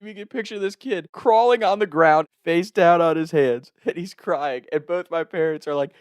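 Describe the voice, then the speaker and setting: A man's voice: high-pitched, a little fast, hardly any pauses, no echo, clean studio sound. A man telling a personal story in a casual way, often laughing as he talks. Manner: laughs often while talking, animated retelling.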